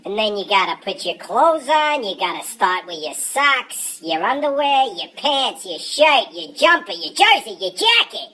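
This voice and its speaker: A man's voice: sits high, sing-song, a little slow, few pauses, full character voice. A man voicing a furry male creature who complains about his morning routine in a jokey, exaggerated way. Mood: grumbling. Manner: exaggerated, jokey, sudden loud outbursts.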